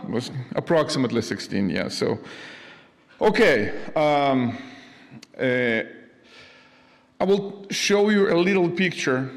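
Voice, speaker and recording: A man in his fifties from Ukraine, speaking to an audience as a missionary, halting with many fillers and restarts, with light jokes. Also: medium pitch. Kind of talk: casual talk to an audience. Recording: long hall reverb.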